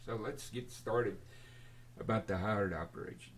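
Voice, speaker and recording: An older man with a fairly low voice rambles through a personal story for his video, forgetful and halting. He trips over restarts and fillers as he goes, with a faint hiss of noise behind him. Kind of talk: rambling casual storytelling to camera.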